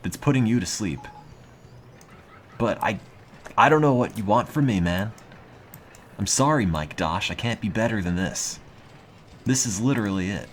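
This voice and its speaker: A man streaming casually, reading aloud with a dry, deadpan, self-mocking monotone. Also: lowish voice, normal speed, long pauses, a little hiss or hum. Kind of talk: casual live-stream chat.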